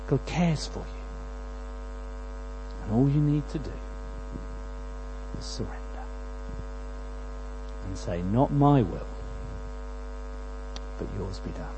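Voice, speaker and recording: A man preaching a sermon, moving between quiet prayerful lines and loud, pleading passages. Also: mid-range voice, a little hiss or hum, poor audio.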